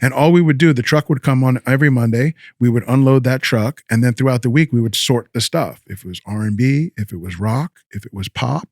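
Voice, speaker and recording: Rambling, animated storyteller man. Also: medium pitch, fairly quick, hardly any pauses, dry recording, clean studio sound. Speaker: podcast guest, rapper. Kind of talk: casual storytelling interview.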